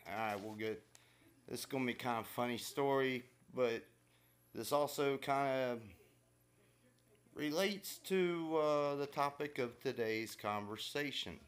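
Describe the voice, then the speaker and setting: A man's voice: mid-range voice, unhurried, smooth. A man casually telling a rambling, wry story in a vlog, with many fillers and restarts. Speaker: vlogger.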